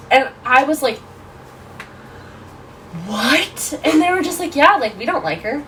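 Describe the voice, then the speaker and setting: A woman in her twenties, a podcast guest, telling a story in a casual, animated way, full of "like". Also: high voice, moderate pace, pauses often, distant mic, a little hiss or hum, rough recording. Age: 20s. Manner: animated, lots of fillers like "like".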